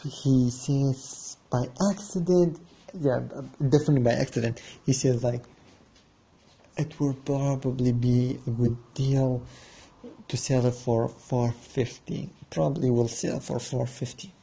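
A man's voice: mid-range voice, steady tone, unhurried, gravelly, dark tone, husky. A man hosting a podcast, telling a personal story in a casual rambling monologue, acting out both sides of a haggle. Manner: rambling, restarts, acts out the other side of a haggle. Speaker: podcast host.

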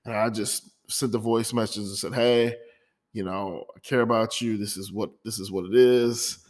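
A man's voice: lowish voice, fairly even intonation, moderate pace, darkish tone. A man hosting his own podcast, talking through a hard week in an emotional personal monologue, often stumbling and repeating words. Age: adult, divorced. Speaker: podcast host.

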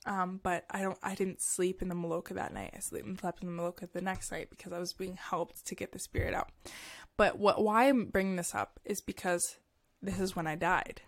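Emotion makes this young female podcast host stumble as she tells something deeply personal, often restarting and filling gaps with hesitations.

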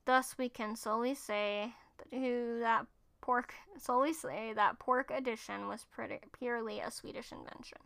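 A woman's voice: fairly high pitch, fairly even intonation, moderate pace, a bit bright, smooth. A woman hosting, reading food facts off her screen and chatting about them, stumbling and correcting herself as she goes. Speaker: host reading and commenting. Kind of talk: casual commentary reading from screen.

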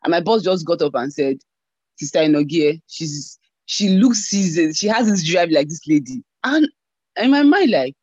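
A woman giving a church testimony over an online call, telling her story in an animated way and acting out the voices she quotes. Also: lowish voice, moderate pace, slightly rough, no room sound. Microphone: online call mic. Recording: dull lo-fi online call audio.

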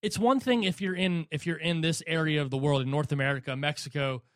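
Animated man hosting a boxing podcast. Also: a little high, a little fast, no room sound, studio quality. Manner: animated, mock-pronounces names, laughs often. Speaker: podcast co-host. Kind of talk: casual boxing chat.

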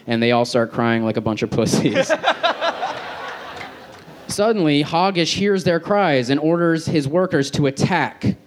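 A man reading his own crude fan fiction aloud on an outdoor festival stage, deadpan with self-aware asides. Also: mid-range voice, a little hiss or hum. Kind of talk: live stand-up reading.

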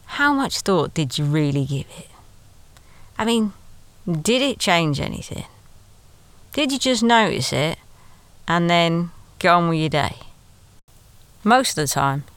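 Smooth-voiced woman telling her story. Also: sits low, a bit bright, dry recording. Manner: confiding, self-deprecating, chatty asides. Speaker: podcast storyteller. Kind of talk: first-person storytelling.

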